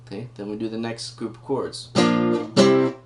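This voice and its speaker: Fairly quick and fairly low-pitched with little pitch movement, a male guitar teacher explains rhythm in a casual lesson, counting beats aloud as he thinks. The recording sounds roomy, with his own guitar playing loudly behind him.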